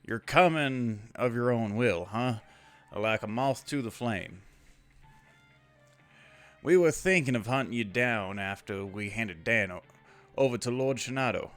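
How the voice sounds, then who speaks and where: A man's voice: mid-range voice, measured pace, long pauses, fairly bright tone, soft background music, close to an everyday voice. A man reading game dialogue aloud, voicing a spiteful, hostile masked male villager who sneers and accuses.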